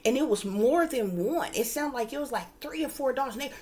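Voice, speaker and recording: A woman's voice: sits high, lively intonation, a little fast, background noise. Emphatic woman telling viewers a story. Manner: emphatic, repeatedly addresses listeners as "y'all", swears freely. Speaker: psychic reader. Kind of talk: casual storytelling monologue to viewers.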